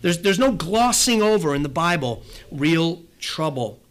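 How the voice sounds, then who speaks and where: A male pastor delivers a sermon in a church, his voice sitting a bit higher than most men's. He talks in an easy, conversational way, circling back on phrases and acting out small scenes for his listeners. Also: big pitch swings, unhurried. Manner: conversational preaching with repeated phrases and acted-out asides.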